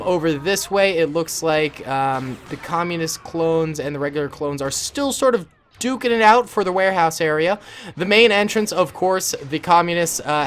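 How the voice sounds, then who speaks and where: A man casually talking through a battle simulation game, chatty and enthusiastic. His voice sits a bit higher than most men's. There is a faint hiss of noise underneath. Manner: laid-back, enthusiastic, chatty with many ums. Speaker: video game commentator.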